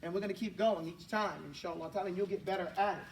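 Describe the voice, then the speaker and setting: High-voiced man drilling a class in an echoey room. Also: far from the mic, slight background noise. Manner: corrective, repeats drills and models sounds slowly. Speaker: Quran teacher. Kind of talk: classroom recitation and pronunciation drill. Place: classroom with students.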